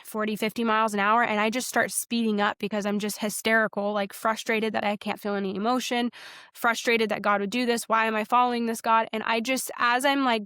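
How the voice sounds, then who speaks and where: A woman's voice: a little high, a bit bright, no room sound, clean studio sound. Earnest young woman telling her testimony. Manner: earnest, rambling, with many fillers and restarts. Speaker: podcast guest. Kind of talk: personal testimony in a casual interview.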